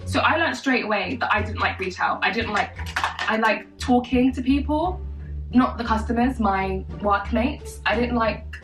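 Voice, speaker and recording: A woman's voice: on the high side, moderate pace. A woman in her twenties telling a casual story while getting ready, chatty and sassy with self-mocking asides. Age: 20s. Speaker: vlogger. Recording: echoey room, mic far off, faint music behind.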